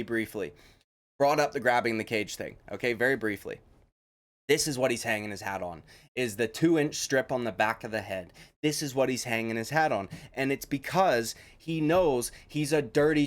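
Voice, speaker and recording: Guy doing a fired-up sweary reaction rant, regular mid voice. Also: mid-range voice. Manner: profane, heated ranting. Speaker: MMA commentary YouTuber. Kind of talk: reaction commentary.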